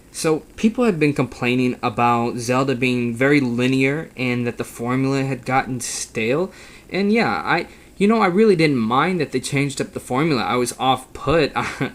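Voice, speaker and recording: A man giving a casual, opinionated game review, rambling and exasperated, with frequent restarts. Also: medium pitch.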